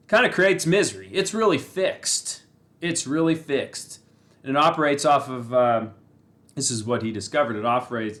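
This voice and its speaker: Casting note: mid-pitched man, loose conversational host, rambles, keeps checking in with "right?". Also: a bit bright. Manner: breaks into laughter, repeats phrases for emphasis. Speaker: channel host. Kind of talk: casual spoken talk on Buddhism and the mind.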